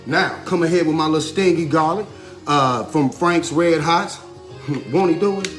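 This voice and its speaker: A man hosting a casual cooking demonstration in a home kitchen, lively and chatty, often laughing and repeating a catchphrase. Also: fairly high pitch, normal speed. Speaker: home cook and video host. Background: music playing under the voice.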